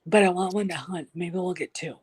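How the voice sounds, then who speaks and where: A woman chatting casually as a guest, an animated storyteller who drops into soft whispers. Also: on the low side, a little fast, slightly rough, no echo, low-quality recording. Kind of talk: casual chat.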